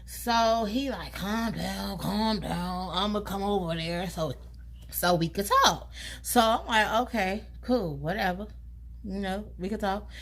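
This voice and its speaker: A young woman, telling a personal story in a casual storytime vlog and acting out quotes with big jumps in pitch. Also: a little slow, a bit bright.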